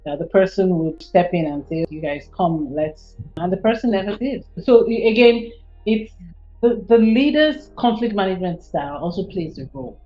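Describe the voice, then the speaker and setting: A woman guest on a podcast, explaining her points in a measured, steady way. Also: medium pitch. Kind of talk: conversational podcast interview. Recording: dull lo-fi audio with faint music.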